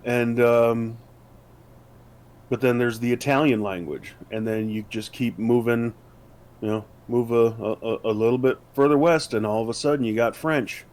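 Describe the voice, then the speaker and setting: A man's voice: medium pitch, steady tone, moderate pace, darkish tone. A man co-hosting a podcast in casual chat, rambling with many fillers and restarts. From United States. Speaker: podcast co-host.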